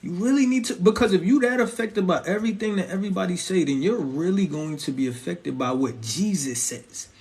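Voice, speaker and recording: Brisk and barely pausing, this young man's high voice carries an animated, slangy sermon on faith and relationships. The Christian vlogger keeps it conversational, constantly checking whether listeners feel him with "you feel me".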